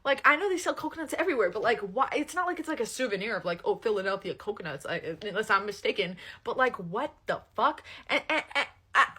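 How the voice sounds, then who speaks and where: Swearing, animated young woman telling a story. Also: mid-range voice, fast, few pauses, breathy edge. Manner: animated, swears a lot, quotes people in voices. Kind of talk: casual storytime chat.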